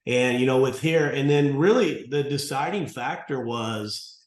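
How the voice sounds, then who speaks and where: A man's voice: mid-range voice, unhurried. A man in his sixties talks through a long story in a casual interview, wandering and restarting as he goes. He acts out both sides of past conversations, and a roomy echo hangs around his voice. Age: 60s. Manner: rambling, restarts often, acts out dialogue. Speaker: martial arts school owner, guest.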